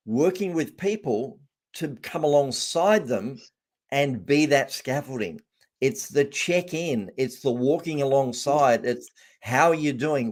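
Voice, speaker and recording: A man speaks as a guest coach on a video call, in a chatty storytelling way. He often repeats words as he goes. His pitch sits in the middle range for a man. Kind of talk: casual online interview.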